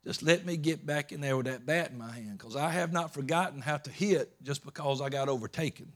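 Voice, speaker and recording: A man preaching a sermon, swinging between loud emphatic peaks and low soft storytelling, often repeating words and restarting. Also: brisk. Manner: rising to loud emphatic peaks, then dropping low and soft while retelling scripture.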